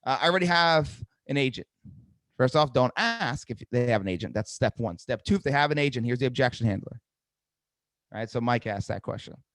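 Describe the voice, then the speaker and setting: A man's voice: mid-range voice, fairly quick, no echo. Upbeat male trainer running a live webinar, dry mic, drills his points home. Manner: energetic, repeats key phrases, acts out sales calls with varied tonality. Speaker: sales trainer hosting a webinar.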